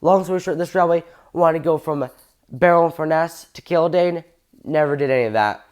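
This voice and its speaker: An eager train enthusiast chatting through a casual fan video at a middling pitch. They ramble happily, trip over details and correct themselves mid-sentence. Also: a little fast, darkish tone. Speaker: train fan channel host.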